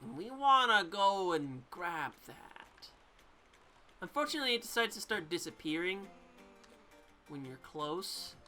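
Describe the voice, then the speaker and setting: A woman chatting playfully through a video game, explaining each step as she goes. Her voice is bright and animated, and faint game music plays underneath. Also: on the low side, unhurried, long pauses. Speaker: let's play host.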